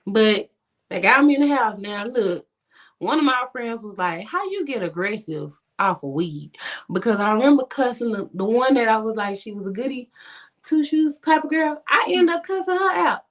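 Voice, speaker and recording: Woman on a podcast spinning a story, highish voice, acts out all the voices, super animated. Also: normal speed. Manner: animated, swings pitch to act out friends' lines. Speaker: podcast guest. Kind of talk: casual storytelling.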